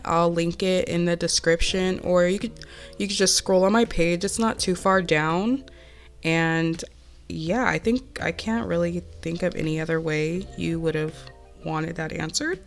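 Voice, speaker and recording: Sick, nasal woman in a casual voiceover. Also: fairly low pitch. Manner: chatty and candid, with many fillers. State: sick with a cold. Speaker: press-on nail artist and channel host. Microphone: home voiceover mic.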